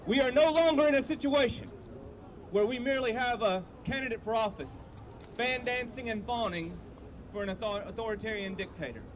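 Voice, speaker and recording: A man leading a veterans group, giving an earnest, halting rally speech outdoors and repeating himself. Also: extremely high pitch. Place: outdoor street protest. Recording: crowd noise outdoors. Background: crowd and street noise.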